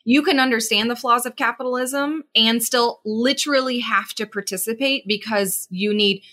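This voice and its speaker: A woman co-hosting a podcast in casual chat, agreeable and quick to back up her partner's points. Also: a little high, pushed and bright. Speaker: podcast co-host.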